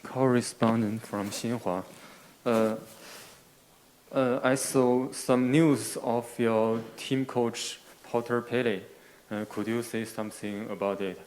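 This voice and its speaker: A male reporter asking a press question in a slow, hesitant way. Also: medium pitch, steady tone, a little mellow, poor audio.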